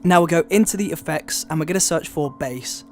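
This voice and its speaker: A man's voice: fairly high pitch, a little fast, darkish tone. A man hosting a casual video-editing tutorial, upbeat and explaining step by step. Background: background music.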